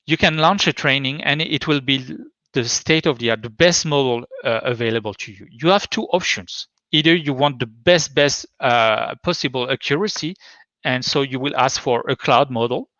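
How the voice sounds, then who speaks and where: Male conference presenter, French accent, muffled slightly dull line, halting delivery full of "uh". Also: mid-range voice, pushed and bright, no room sound. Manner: hesitant, many fillers and restarts. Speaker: conference speaker. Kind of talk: technical talk with live demo. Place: home.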